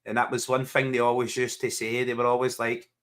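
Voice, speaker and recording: A man's voice: medium pitch, monotone, fairly quick, a bit bright. A Scottish man co-hosting a casual live football watch-along, joking in broad slang and laughing often. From Scotland. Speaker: co-host.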